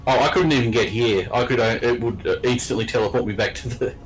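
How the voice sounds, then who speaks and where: A man's voice: mid-range voice, quick pace, low-quality recording. Easygoing man, faint music behind. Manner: easygoing, thoughtful, hesitant restarts. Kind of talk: casual gameplay chat.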